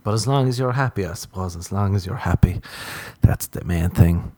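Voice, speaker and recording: An Irish man spins a meandering, foul-mouthed comic story with wry asides. His voice sits on the low side and sounds warm and mellow. The recording is dry, with no room sound. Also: fairly quick, no room sound. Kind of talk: rambling comic monologue.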